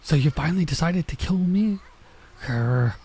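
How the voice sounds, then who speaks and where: A man's voice: fairly high pitch, animated, moderate pace, dark tone, slightly rough, voice pushed up. A man voicing a fierce, cornered teenage girl from a visual novel, snarling defiant threats.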